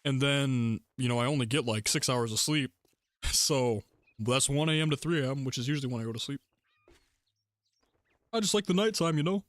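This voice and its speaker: A young man streaming a game, chatting casually in a rambling, relaxed way and laughing often between thoughts. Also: medium pitch, a little fast, pauses often, no echo. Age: young adult. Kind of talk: casual gaming livestream chat.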